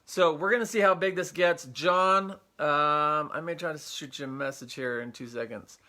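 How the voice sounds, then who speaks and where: A man's voice: a little high, normal speed, bright, forceful tone. Upbeat man hosting a livestream. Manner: upbeat, greets viewers by name, many fillers. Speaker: livestream host. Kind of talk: casual livestream chat. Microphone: Bluetooth earpiece.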